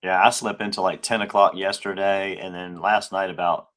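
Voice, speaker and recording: A man co-hosting a relaxed talk show, with a deep voice. He is easygoing and agreeable, often chuckling along with his partner. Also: normal speed. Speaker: podcast co-host. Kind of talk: casual chat.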